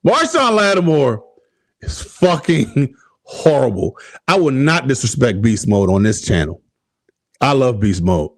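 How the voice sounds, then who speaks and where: A man's voice: mid-range voice, sing-song, unhurried, dry recording. A man hosting a casual sports talk show, ranting with heavy profanity and laughing at his own frustration. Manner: profane, exasperated, laughing at himself. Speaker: podcast host.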